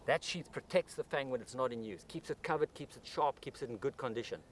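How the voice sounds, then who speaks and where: A man's voice: mid-range voice, brisk, a little hiss or hum. A man presenting a wildlife documentary outdoors by rice paddies, explaining and exclaiming with enthusiasm.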